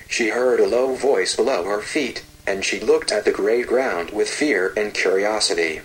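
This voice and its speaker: A man narrating a fairy tale slowly and gently, with repetitive storytelling phrasing. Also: on the low side, rough recording.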